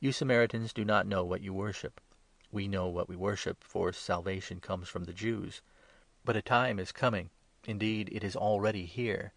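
Jesus, read by a man, calm and grave. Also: fairly low pitch, vocal fry, no room sound. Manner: calm, earnest and instructive. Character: calm, authoritative male teacher Jesus. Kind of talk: scripted Bible reading.

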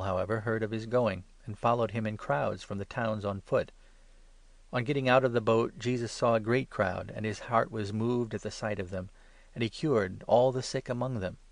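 Gravelly low-voiced man reading scripture. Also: dry recording. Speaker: narrator.

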